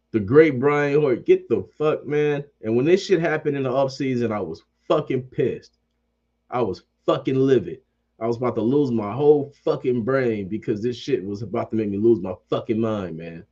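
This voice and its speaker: A man's voice: medium pitch, moderate pace, mellow, breathy edge, lo-fi sound. A man ranting about sports as a fan commentator. He swears constantly, repeats phrases, and keeps up a heated, profane energy.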